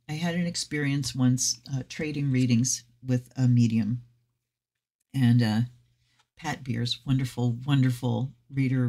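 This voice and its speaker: A woman's voice: extremely low pitch, darkish tone. A woman tarot reader giving a casual deck review, reading passages aloud from a guidebook and breaking off into effusive, chatty personal asides with some swearing.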